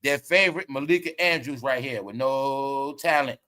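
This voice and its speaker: A man's voice: mid-range voice, moderate pace, sharp tone. A man hosting a casual commentary stream, slangy and profane, laughing often as he tells stories. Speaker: commentary livestream host.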